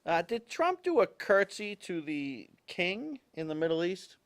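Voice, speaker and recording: Emphatic talk show host, lively voice. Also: male voice, high-pitched, measured pace. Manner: emphatic, repeats his points, talks straight to viewers. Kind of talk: opinionated talk show monologue.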